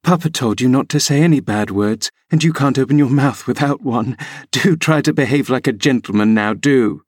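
A man's voice: mid-range voice, normal speed, a little mellow, slightly rough, no echo, studio quality, close to an everyday voice. Brief: man voicing a spiteful sickly teen boy, prim sneer, near the reader's own voice. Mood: taunting. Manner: taunting and prim.

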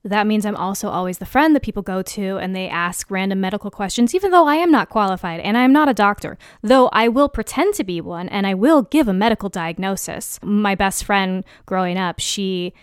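Young woman doing a casual solo podcast, self-deprecating, acts out quotes, smooth clear voice. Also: medium pitch, fairly quick, few pauses, no room sound, clean studio sound. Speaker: podcast host.

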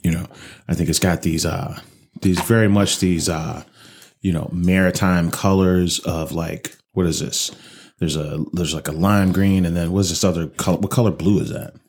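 Deep husky man chatting about whiskey. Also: steady tone, normal speed, a little mellow. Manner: loose and profane, rambling with fillers. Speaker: podcast co-host reviewing whiskey. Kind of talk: casual chat.

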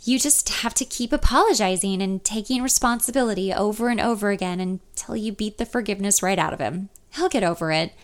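A woman voicing a supportive, bold female best friend who talks in a brisk, reassuring way. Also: mid-range voice, natural voice.

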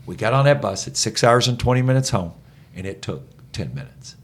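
A man's voice: lowish voice, a little fast. A middle-aged man, a basketball head coach, telling stories animatedly as a podcast guest. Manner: animated, energetic storyteller. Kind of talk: conversational storytelling.

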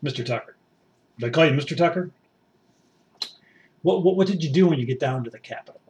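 A man's voice: on the high side, fast talker, darkish tone, a little hiss or hum. A man interviewing a guest in a satirical mock interview, asking long, rambling questions that he keeps restarting.

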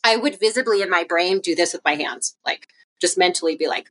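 A woman guest, a physical therapist, talking in a casual, chatty interview and telling stories with lively acted quotes. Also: on the low side, fairly quick.

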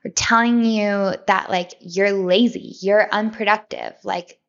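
A woman's voice: mid-range voice, fairly even intonation, measured pace, lo-fi sound. A woman hosting a podcast, giving a conversational self-help monologue and often repeating and restarting her words.

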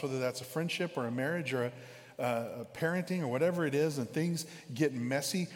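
Casual male pastor, chatty stop-start sermon, slightly high voice, long church echo. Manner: casual, repeats words while thinking aloud. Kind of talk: conversational sermon. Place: church sanctuary. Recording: reverberant church hall.

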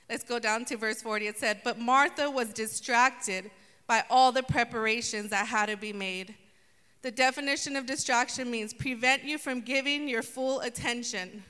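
A woman preaching a lively sermon, playfully acting out voices from the story. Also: sits high. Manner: animated, acts out voices of the story. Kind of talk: sermon with humor. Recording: long hall reverb.

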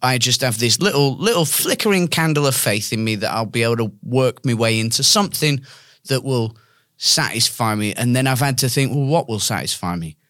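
A man's voice: medium pitch, brisk, a bit bright, no echo. A young man co-hosting a podcast as a comedian, talking in a reflective, earnest way with a teasing edge, recorded on a close studio mic. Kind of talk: casual chat.

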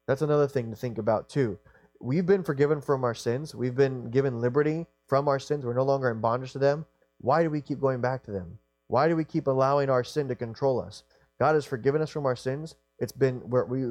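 A man's voice: mid-range voice, darkish tone, dry recording. A man preaching a sermon in an earnest, repetitive way, often restarting his sentences.

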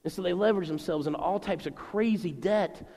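A man preaching a sermon to a congregation, animated and acting out the voices he quotes. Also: high-pitched, fairly quick, in a large hall. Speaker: pastor.

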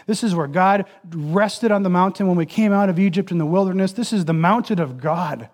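Male preacher with a high voice, earnest and emphatic in the pulpit. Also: fairly quick, darkish tone. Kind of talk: sermon.

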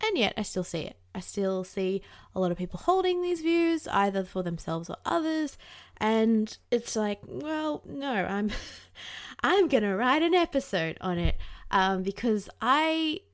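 A woman's voice: fairly high pitch, big pitch swings, a little slow, no room sound, clean studio sound. A young woman hosting a podcast, talking candidly in a casual monologue, swearing freely and using lots of fillers. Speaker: podcast host.

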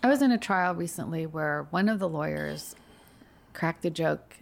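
A woman hosting a podcast interview, asking her guest curious questions at a quick clip. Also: low voice, animated, vocal fry. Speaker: podcast host.

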